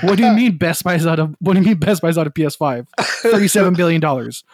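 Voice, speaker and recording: A man putting on a crude, swearing impression of a male president who is loudly demanding a game console. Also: on the high side, quick pace, husky, no echo, studio quality. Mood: mock outrage. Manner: swearing, blustering, mock-outraged.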